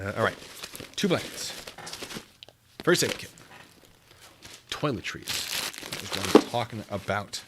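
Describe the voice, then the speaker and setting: A man's voice: on the low side, lively intonation, measured pace, pauses often, noisy background. A man chatting casually with his stream viewers while packing care kits, joking and teasing himself. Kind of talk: casual live-stream chat.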